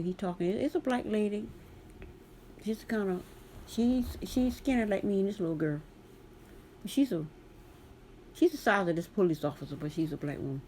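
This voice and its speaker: A woman's voice: mid-range voice, normal speed, long pauses, darkish tone, slight background noise. A middle-aged woman, telling a story to camera in a blunt, sassy way. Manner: sassy, blunt, talks straight to viewer. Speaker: vlogger.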